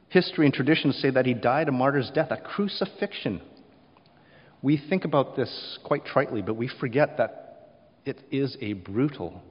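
A man preaching a sermon, rising to loud emphasis and then dropping quiet, often acting out short quotes. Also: medium pitch, long reverb tail, lo-fi sound. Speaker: pastor.

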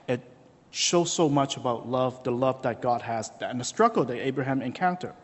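A man preaching a sermon, telling the story with lively, animated delivery and acting out quoted voices. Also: medium pitch, normal speed, in a large hall. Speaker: pastor.

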